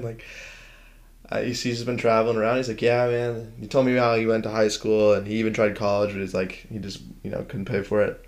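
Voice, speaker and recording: A man's voice: lowish voice, completely flat delivery, fairly quick. A man co-hosting a casual chat, telling a story in a joking way and slipping into silly voices.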